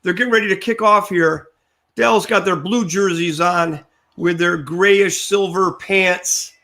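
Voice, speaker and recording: A man's voice: high voice, a little slow, sharp tone. An older man co-hosting a sports betting show, chatting casually and joking as he recaps picks. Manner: chatty, joking, repeats punchlines.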